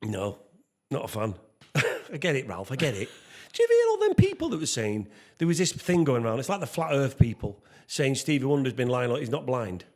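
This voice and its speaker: A man's voice: wildly swooping pitch, fairly quick, a little mellow. A middle-aged man co-hosting a podcast, enthusiastic in casual chat, exclaiming and gasping as he reacts. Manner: enthusiastic, exclaims and gasps, swinging pitch. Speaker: podcast co-host.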